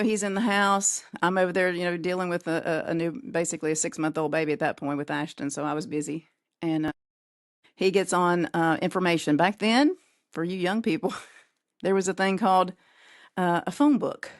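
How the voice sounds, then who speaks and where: A middle-aged podcast guest from North Carolina, USA, tells a casual family story in a low voice at a relaxed pace. She's a lively storyteller who acts out the voices of the people she quotes and laughs often. The recording is dry and close, with no room sound.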